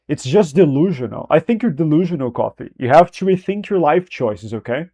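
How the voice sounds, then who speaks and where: A man's voice: fairly high pitch, expressive, a little fast, few pauses, dark tone, highs cut off. Teasing Brazilian man chatting on stream. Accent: Brazilian Portuguese. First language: Portuguese. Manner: playful, teasing, laughs often, swears casually. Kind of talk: casual live-stream chat.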